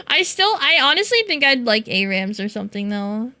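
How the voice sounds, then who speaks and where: A woman's voice: fairly high pitch, big pitch swings, measured pace, sharp tone, no echo, clean studio sound. A young woman streamer chatting casually to her viewers, venting with lots of swearing and laughter.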